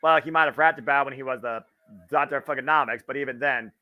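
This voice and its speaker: The audio is dull, and the man's medium-pitched voice moves at a quick pace. A Midwesterner from the US, he hosts a casual live wrestling watch-along with talkative, joke-filled, freely profane commentary.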